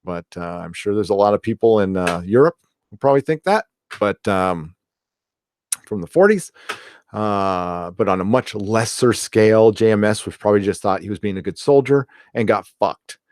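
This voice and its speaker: Low-voiced man chatting casually on a live stream. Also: animated, moderate pace, a little mellow, dry recording, clean studio sound. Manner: rambling, profane, many fillers and restarts. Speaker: host of a live chat show. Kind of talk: casual live-stream chat reading comments.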